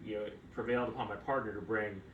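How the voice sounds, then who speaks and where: A man, a fertility doctor, chatting casually and telling animated stories, with a distant mic in a roomy space and steady background noise. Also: on the low side, fast, narrow, tinny audio. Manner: animated storyteller, acts out quoted voices. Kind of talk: casual conversational storytelling.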